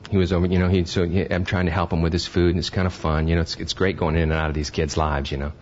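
A man's voice: sits low, flat delivery, quick pace, a little hiss or hum. Older male pastor preaching conversationally. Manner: conversational preaching, rising to impassioned emphasis. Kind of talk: sermon. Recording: dull lo-fi sermon recording.

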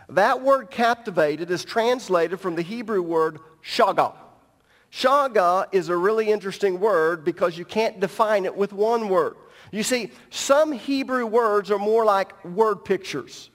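High-voiced man preaching in a reverberant hall. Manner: emphatic, animated preaching with joking asides. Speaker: pastor. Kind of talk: sermon. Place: large church sanctuary. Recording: long reverb of a large hall.

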